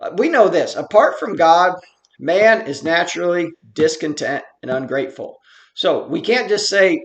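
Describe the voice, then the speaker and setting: A man teaching a Bible study in an earnest, explanatory way, reading verses slowly and then commenting on them. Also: on the high side, animated. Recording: roomy echo.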